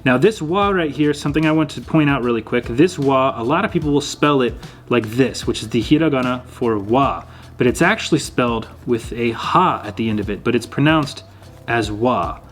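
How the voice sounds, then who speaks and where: Young male teacher, clear and patient, mid-pitched voice, light music under. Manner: patient, repeats words slowly and clearly. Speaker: language teacher. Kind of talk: explaining lesson.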